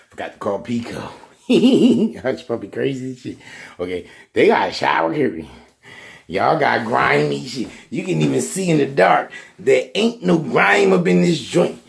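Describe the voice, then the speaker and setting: A man's voice: medium pitch, gravelly, breathy edge. A man giving a casual, rambling monologue while showing off his new room, boastful and full of joking trash talk.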